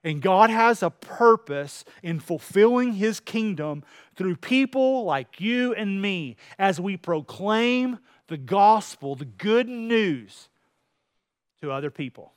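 Male preacher, high voice, impassioned sermon delivery, dry close mic. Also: expressive, takes it slowly, no echo. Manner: preaching with rising intensity, acting out quoted voices.

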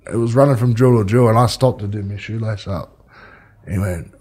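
Low-voiced Australian man telling footy stories. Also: a little fast, warm tone, husky. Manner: rambling storyteller, swears freely. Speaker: guest, former rugby league player. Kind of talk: casual chat.

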